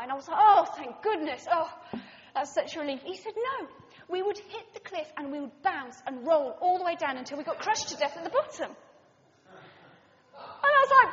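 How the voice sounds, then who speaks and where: A woman gives a sermon and tells her story with lively, animated delivery, playing out the voices of the people she quotes. Her voice sits high, and it carries a long reverb in a big hall, heard through slightly muffled sound. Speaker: preacher. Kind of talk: sermon with personal anecdote.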